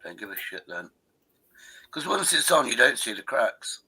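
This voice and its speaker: A man's voice: mid-range voice, big pitch swings, normal speed, pushed and bright, husky, low-quality recording. A man, hosting a livestream and telling rambling, sweary stories over a video call. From Derbyshire, England. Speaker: livestream host. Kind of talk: casual chat.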